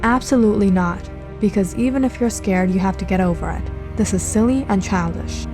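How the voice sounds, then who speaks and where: A stern, impatient mother, played by a woman narrator, firm and scolding in an even mid voice. Loud music runs beneath. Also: medium pitch, fairly quick, natural voice.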